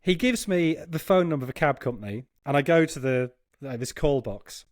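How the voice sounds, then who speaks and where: Podcast panelist, lively storyteller, higher-pitched, close and dry. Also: male voice, a little fast, no room sound. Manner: animated, laughing as he tells a story. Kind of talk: anecdotal storytelling.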